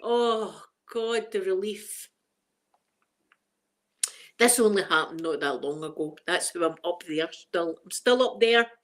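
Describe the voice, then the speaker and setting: A middle-aged Scottish woman chatting casually on a live stream, emotional and quick to laugh, greeting viewers by name. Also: mid-range voice. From Scotland.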